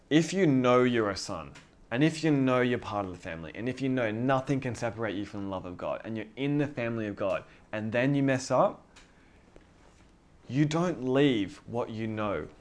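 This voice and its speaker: A man preaching a sermon in a casual, conversational way, often acting out dialogue. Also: mid-range voice. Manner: conversational, animated, acts out dialogue.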